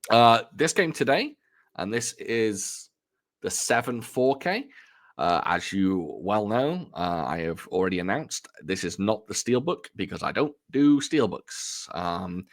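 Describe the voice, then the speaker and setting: A man casually chatting at home about films he has bought, rambling and poking fun at himself. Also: fairly low pitch. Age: adult. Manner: rambling, chatty, self-deprecating. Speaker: film collector vlogger. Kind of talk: casual chat showing off purchases.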